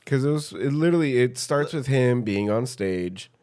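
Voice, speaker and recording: A man's voice: medium pitch, animated, normal speed, a little mellow. Profane playful male podcast co-host. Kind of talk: casual chat.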